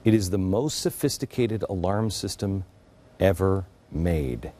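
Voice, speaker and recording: A middle-aged man hosts a talk show and speaks in an earnest, confiding monologue. His voice sits low and warm, and his pitch rises and falls a lot as he tells a story, sometimes dropping to a near hush. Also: animated, unhurried. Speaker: radio and TV show host.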